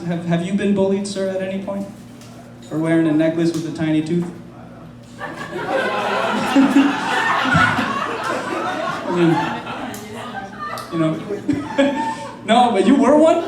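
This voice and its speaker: A male stand-up comedian from France, with a high voice, does a loose, profane set full of crowd work in a comedy club. The mic is distant, so the recording sounds roomy and noisy, with audience laughter throughout.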